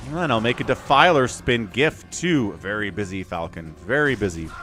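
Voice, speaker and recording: A man casting a live-streamed strategy game, chatting with viewers and breaking into excited play-by-play during fights. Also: on the low side, moderate pace, few pauses, faint music behind.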